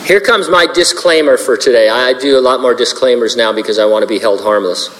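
A man's voice: medium pitch, fairly quick, a bit bright, slight background noise. A man preaching as a pastor, working through scripture verse by verse. He is earnest and slips in dry jokes and asides. His voice carries a long reverb, as if in a large hall. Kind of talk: verse-by-verse sermon.

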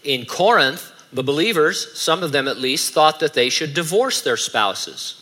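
A man's voice: on the high side, lively intonation, unhurried, sharp tone. A middle-aged man preaching a sermon in a conversational way, with dry humorous asides. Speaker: pastor.

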